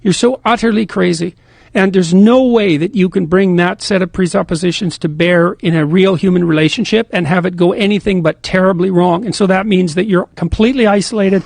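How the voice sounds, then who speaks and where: High-pitched gravelly man, dry sound. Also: brisk, few pauses, darkish tone, no echo. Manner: emphatic, stammering restarts. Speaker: podcast co-host. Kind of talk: casual chat.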